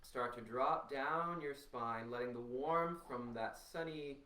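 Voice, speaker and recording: A man leading a guided voice warmup as a voice teacher, giving slow, soothing instructions with long pauses, recorded in a room at home. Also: medium pitch. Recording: roomy sound from a distance.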